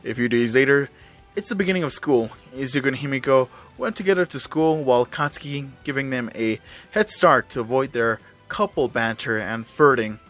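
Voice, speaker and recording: A man's voice: mid-range voice, lively intonation, fairly quick, fairly bright tone, soft background music. A man who hosts a channel, casually reading fan fiction aloud with small slips and fillers.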